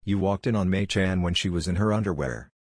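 A man's voice: low-pitched, brisk, no room sound, studio quality. A man reading a brash cocky teen ninja. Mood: mocking. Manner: yelling, mocking.

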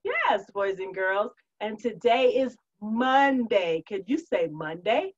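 A woman's voice: medium pitch, very animated, takes it slowly, highs cut off. A woman teaching preschoolers in a remote online lesson, sing-song and encouraging, laughing often.

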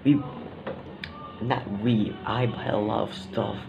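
A man's voice: fairly low pitch, little pitch movement, slow, creaky, muffled recording, noisy background. A young man hosting a casual eating vlog, rambling and hesitant with lots of fillers. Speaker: vlogger.

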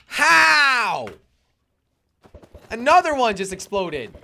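A man's voice: a little high, animated, moderate pace, pauses often, bright, forceful tone. A young man streaming live gameplay, exclaiming and fretting aloud and answering his chat. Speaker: gaming streamer.

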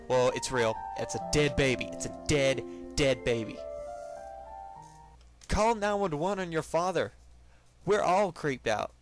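A young man hosting a let's play, reading game text aloud and reacting with excited, jokey commentary. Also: a little high, unhurried, long pauses. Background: game music.

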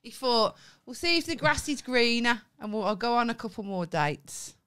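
A woman's voice: a little high, expressive, normal speed, fairly bright tone, smooth. A woman co-hosting a comedy podcast, telling a story animatedly, acting out quoted lines and swearing freely. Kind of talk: casual storytelling chat.

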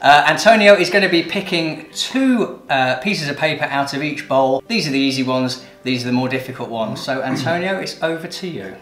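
A man's voice: fairly high pitch, expressive, moderate pace, hardly any pauses, fairly bright tone. A man hosting a wine channel, presenting a pronunciation quiz in an upbeat, jokey way. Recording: roomy sound with light music.

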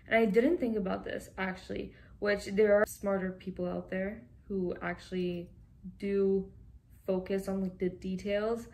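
A woman's voice: mid-range voice, level tone, measured pace, a little mellow. A young woman from Canada chatting casually and giggling as she reads fan tweets aloud. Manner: chatty and giggly, often laughing. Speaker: vlogger.

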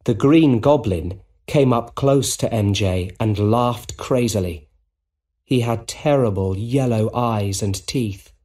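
A man reading a simple storybook in slow, deliberate narration for English learners. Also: mid-range voice, warm tone. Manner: plain and deliberate.

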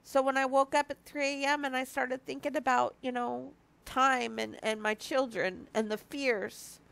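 Teary, slow-speaking woman in her fifties. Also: sits high, steady tone, creaky, fairly bright tone, clear, resonant tone. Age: 50s. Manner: earnest and confessional, with halting restarts. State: teary, on the edge of crying. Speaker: marriage ministry speaker. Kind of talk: heartfelt devotional talk to viewers.

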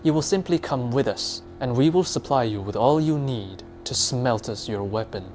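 A man voicing a calm but threatening male ruler who coaxes and commands. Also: mid-range voice, moderate pace, faint music behind, natural voice. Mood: menacing. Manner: smooth, coaxing, then bellowing.

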